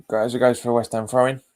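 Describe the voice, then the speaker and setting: A man's voice: medium pitch, a little mellow. A man hosts a live football watch-along. He chats casually, repeats his phrases and reads viewer comments aloud. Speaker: fan channel host.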